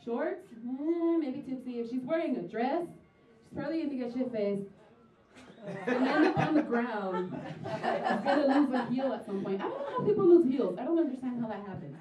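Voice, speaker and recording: A woman's voice: high-pitched, expressive, normal speed, warm tone, a faint crowd. A young woman performing a stand-up comedy set, chatty and sarcastic, acting out the people in her stories. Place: comedy venue stage. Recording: distant roomy live recording, dull sound.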